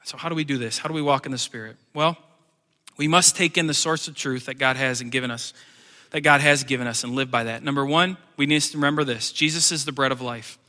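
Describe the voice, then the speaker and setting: Bright-voiced male pastor preaching in a reverberant hall. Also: mid-range voice, fast. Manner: animated, swings between loud emphasis and quiet asides; joking asides in plain everyday speech. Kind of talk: sermon. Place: church sanctuary. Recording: long church hall reverb.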